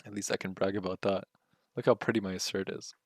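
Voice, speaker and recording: A man's voice: sits low, flat delivery, fast talker, husky, no echo, studio quality. A man streaming live while coding, muttering, swearing and laughing at his own frustration. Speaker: livestreaming game developer.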